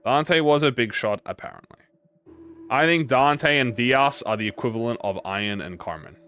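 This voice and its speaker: A man's voice: medium pitch, normal speed, fairly bright tone, clean tone. A man live-streaming a game and chatting to viewers. His talk rambles, corrects itself and trails off into mumbles. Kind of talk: casual live-stream chat while gaming. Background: faint game music.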